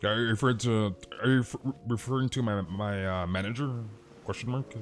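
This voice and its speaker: Soft music plays behind a young game streamer whose lowish voice moves fairly quickly. Chatting casually with his viewers, he rambles through animated, slang-filled stories.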